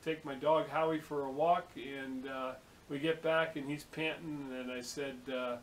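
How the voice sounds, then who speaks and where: A man's voice: medium pitch, fairly even intonation, measured pace, a little hiss or hum, low-quality recording. Chatty man rambling from his car. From San Francisco Bay Area, USA. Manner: chatty, swearing, storytelling with quoted dialogue. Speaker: vlogger. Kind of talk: casual rambling monologue.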